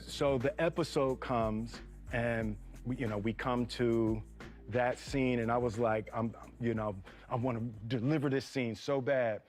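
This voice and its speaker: Man in his fifties, mid-pitched, animated storyteller, faint music beneath. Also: measured pace. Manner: animated, acts out quotes, laughs. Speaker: actor and reunion guest. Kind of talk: casual storytelling.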